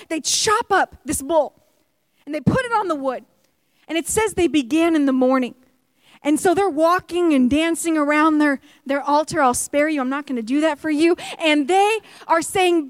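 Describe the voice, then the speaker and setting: A woman's voice: high-pitched, dry recording. A woman pastor preaching a sermon, telling a story with humor and acting out quotes.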